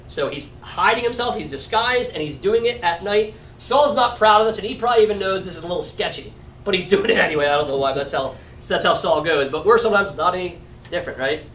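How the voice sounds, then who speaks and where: A man leads a casual Bible study, thinking aloud and often checking in with "right?". His voice sits high for a man. He is recorded from a distance in an echoey room with a faint hiss behind him. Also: expressive, fast, a bit bright. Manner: conversational, often adds 'right?'. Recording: roomy echo from a distant mic.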